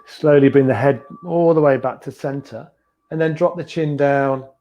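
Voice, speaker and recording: A man leading a beginners yoga class with gentle, encouraging step-by-step cues, teaching from a small room at home. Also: medium pitch, moderate pace. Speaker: yoga instructor.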